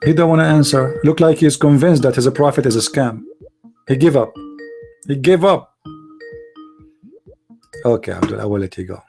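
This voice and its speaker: Soft music plays behind a man with a mid-range, mellow voice, vocal fry, and a moderate pace broken by frequent pauses. He hosts a live online call-in debate, heated in his non-native English and constantly posing rhetorical questions.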